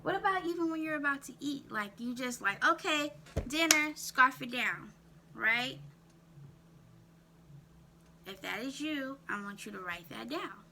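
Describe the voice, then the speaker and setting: A self-care vlogger with a high, gravelly voice and lively intonation coaches viewers directly, rattling off questions and repeating "write that down." Background noise is audible.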